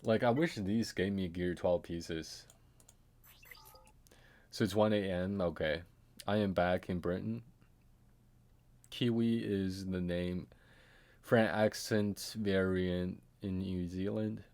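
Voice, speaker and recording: A man with a low, steady, darkish voice streams a game, talking slowly with long pauses. His casual commentary rambles, often trailing off into muttered asides and chuckles to himself.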